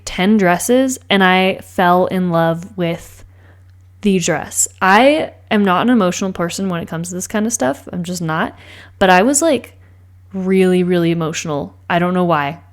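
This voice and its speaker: A woman's voice: lowish voice, unhurried. A young woman telling a chatty, gushing vlog story with many fillers. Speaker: planner vlogger. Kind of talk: casual vlog voice-over.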